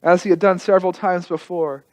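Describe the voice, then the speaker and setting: High-voiced man preaching a story. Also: steady tone, brisk. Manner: emotive, repeats phrases, drops soft and low at key moments. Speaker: pastor. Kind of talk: storytelling sermon.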